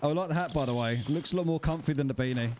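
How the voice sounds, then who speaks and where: A man's voice: fairly high pitch, rapid-fire, a little mellow, slight background noise. A man streaming a survival game live and chatting casually with his viewers in swearing banter. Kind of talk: casual livestream chat.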